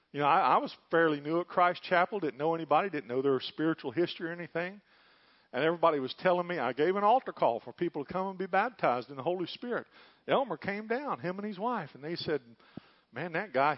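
A middle-aged man preaches with fervour, his fairly high voice swinging between hushed asides and loud exclamations. He tells folksy stories from the pulpit. The recording sounds dull and lo-fi. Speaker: pastor. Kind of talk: sermon.

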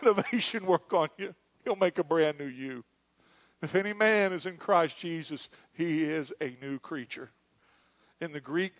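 A middle-aged male pastor preaching a sermon in church, moving between quiet, hushed lines and loud, fervent calls. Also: on the high side, no echo, dull audio. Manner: preaching, swings from hushed to shouting.

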